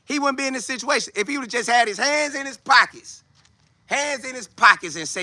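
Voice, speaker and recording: A young man hosting a podcast, giving preachy, animated commentary in a casual way. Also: very high-pitched, brisk, no room sound. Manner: animated, preachy, acts out scenes in put-on voices. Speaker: podcast host.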